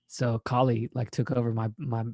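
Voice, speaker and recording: A man's voice: medium pitch, little pitch movement, normal speed, dark tone, no room sound, clean studio sound. A man, a former college basketball player, guesting on a podcast and telling rambling, profane stories in a laid-back way. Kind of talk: casual storytelling.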